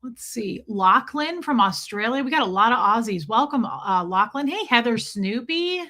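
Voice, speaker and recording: A woman in her forties hosting a casual livestream, greeting viewers by name and joking with dark humor. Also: a little high, expressive, normal speed. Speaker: livestream host. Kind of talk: casual livestream chat reading viewer comments.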